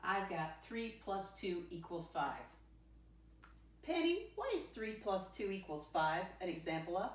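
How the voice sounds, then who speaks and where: A woman teaching a first-grade lesson in a friendly sing-song voice, spelling words out slowly letter by letter. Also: mid-range voice, big pitch swings, slight background noise. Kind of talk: teaching a lesson to young children. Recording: roomy sound with the mic at a distance.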